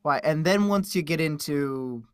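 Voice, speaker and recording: A man on a gaming podcast rambles his way through a point, circling back and filling pauses with "you know." His voice sits a little high and close to the mic, with no room around it. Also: clear, resonant tone, no room sound. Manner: rambling, hesitant, repeats himself. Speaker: player. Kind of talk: casual podcast chat.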